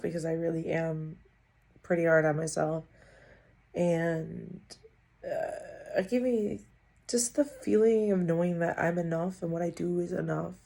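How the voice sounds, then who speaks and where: Woman vlogger, one-take update, low gravelly voice, halting and tired. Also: dark tone. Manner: rambling, halting, self-deprecating. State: tired and muttering.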